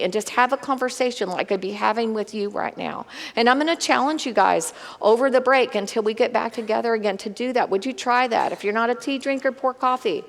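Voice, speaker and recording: Woman Bible study teacher, fairly high voice, conversational and animated, long reverb. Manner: conversational, animated, talks straight to the group.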